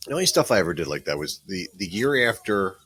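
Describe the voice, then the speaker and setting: A man's voice: low-pitched, big pitch swings, fast talker, fairly bright tone, breathy edge. A man co-hosting a casual podcast chat, cracking dry jokes. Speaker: podcast co-host.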